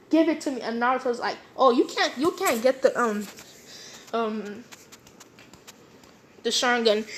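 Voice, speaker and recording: A woman with a fairly high voice tells a made-up story in a loose, rambling way. She fills gaps with "um" and "he's like" and briefly voices each character's lines as she goes. Faint background hum sits under her voice. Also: a bit bright. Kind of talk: casual spoken retelling of a fan story.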